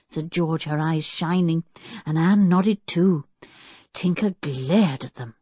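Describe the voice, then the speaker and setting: A woman narrating a children's audiobook in a clear, expressive storytelling manner. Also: lowish voice, a little slow, no echo, clean studio sound. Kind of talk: scripted narration.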